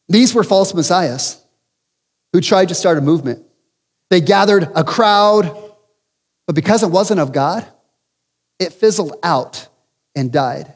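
A man's voice: on the high side, animated, normal speed, long pauses, long reverb tail. A man preaching a sermon as pastor, emphatic with rhetorical questions and humorous asides. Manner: emphatic, rising to loud peaks with rhetorical questions.

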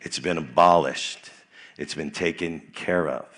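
A young man preaching at a youth rally, energetic and playful, leading the crowd in chants, his voice a little worn. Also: rumbling low, a little slow. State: voice a bit worn. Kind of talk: sermon with crowd call-and-response.

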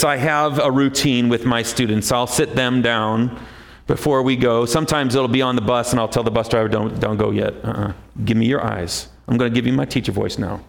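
A man preaching a sermon, emphatic, rising often to a high, forceful pitch. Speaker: pastor.

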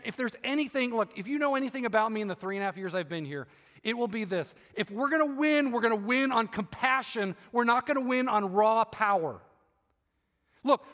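A man's voice: very high voice, a bit bright, in a large hall. A male pastor preaching with passion, repeating key phrases for emphasis. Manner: impassioned, emphatic preaching with repetitions. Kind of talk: sermon.

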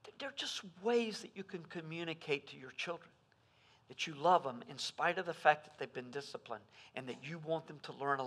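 A man preaching a sermon as pastor, swinging between loud emphasis and hushed asides. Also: on the high side, a little fast, husky.

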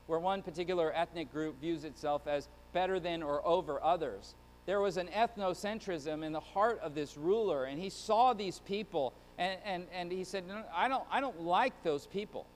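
A male pastor with a high-pitched voice preaches an earnest sermon, often tripping over and repeating his words. His voice rings with a long reverb through a large church hall. The delivery is heartfelt and unscripted. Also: moderate pace, a little hiss or hum.

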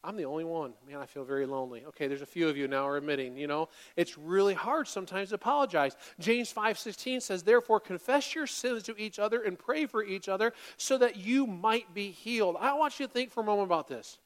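A man delivers a sermon from the pulpit of a church, his voice sitting high for a man. He moves between plain teaching and animated, louder acted-out apologies as he makes his points. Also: quick pace, few pauses, big-room sound. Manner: animated, acts out quoted apologies in a raised voice. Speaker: pastor. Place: church sanctuary.

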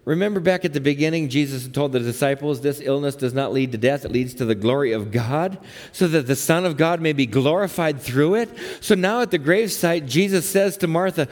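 A man preaching a sermon, emphatic and then soft and low at tender moments. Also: fairly quick. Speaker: pastor. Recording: long hall reverb.

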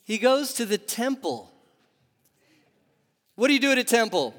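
A man preaching a sermon in a lively, animated way, putting question after question to his listeners. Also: very high-pitched, normal speed. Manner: animated, asks the audience questions. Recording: long reverb of a large hall.

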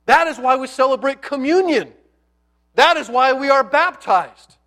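A male pastor preaching a sermon in a conversational, animated storytelling style with playful asides, dropping to a near hush on key words. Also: very high voice, normal speed.

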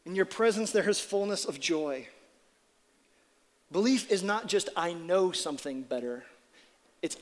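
High-voiced pastor preaching in a reverberant hall. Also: male voice. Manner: conversational, animated preaching with dramatic scripture reading. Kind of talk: sermon.

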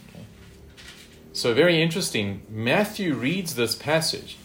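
A man's voice: mid-range voice, very animated, measured pace, fairly bright tone, roomy sound, a little hiss or hum. A man teaching a Bible study in a conversational way, with fillers and tag questions.

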